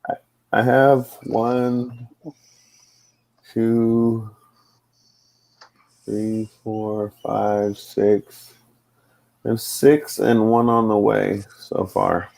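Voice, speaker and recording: A man's voice: on the low side, level tone, extremely slow, creaky, long pauses, a little mellow. A man with grandchildren hosting a casual live chat, laid-back and laughing easily.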